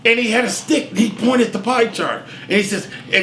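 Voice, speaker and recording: A man's voice: high-pitched, brisk, few pauses, pushed and bright, slight background noise. A middle-aged man co-hosting a talk show, folksy and exuberant, forever saying "man" and "I'm telling you". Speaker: co-host and sports super fan. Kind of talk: casual talk show banter. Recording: echoey room.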